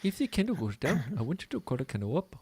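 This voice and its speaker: Creaky-voiced man joking through trades. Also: fairly high pitch, sing-song, fast talker, warm tone, no echo. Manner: joking, rambling, jumps into silly voices. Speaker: co-host of a trading show. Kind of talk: casual banter over live trading.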